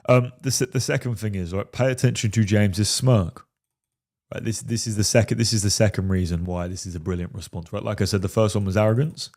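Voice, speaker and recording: A male dating coach reacts to a film clip in a low, mellow voice. He speaks emphatically, driving every point home and checking in with "right?" over and over.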